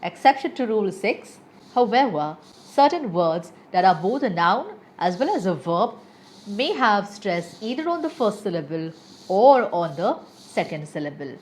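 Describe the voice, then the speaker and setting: Woman English teacher, unhurried, pitch swinging widely, careful word-by-word delivery. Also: big pitch swings, darkish tone. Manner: deliberate, reads word lists with careful stress. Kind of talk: scripted pronunciation lesson.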